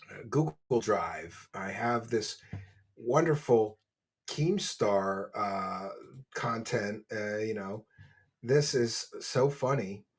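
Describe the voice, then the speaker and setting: A man's voice: medium pitch, slightly rough. A man hosting a livestream, mocking and crude, chatting as he eats. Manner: mocking, crude, talks while eating. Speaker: streamer host. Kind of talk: casual livestream commentary.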